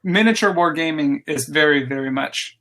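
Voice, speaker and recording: Bright-voiced enthusiastic man rambling. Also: fairly high pitch, normal speed. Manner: rambling, lots of "like" fillers, enthusiastic. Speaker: podcast guest, game designer. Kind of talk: casual interview chat.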